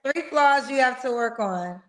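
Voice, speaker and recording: A high-pitched woman hosts a live dating stream, chatty and playful, calling guests "girl" and "child". She talks over a video call with the loose rhythm of casual conversation. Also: animated, unhurried, a bit bright. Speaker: host of a live singles dating show.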